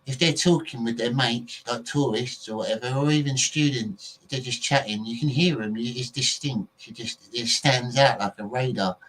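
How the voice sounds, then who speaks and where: A man's voice: mid-range voice, normal speed, few pauses, fairly bright tone, poor audio. Rambling English man chatting casually. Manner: rambling, goes off on tangents, many fillers. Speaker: podcast host. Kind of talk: casual chat to viewers.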